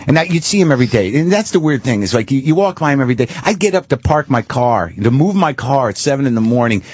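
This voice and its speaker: A man's voice: mid-range voice, sing-song, fast, darkish tone, breathy edge, no echo. A man telling candid, self-mocking stories as a comedian guest on a talk show, with frequent restarts and swearing. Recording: dull lo-fi radio broadcast.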